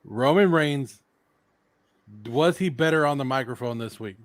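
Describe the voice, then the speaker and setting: A man hosting a casual sports round table, steering the talk in a relaxed way. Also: mid-range voice, a little slow, dry recording, clean studio sound. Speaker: podcast host.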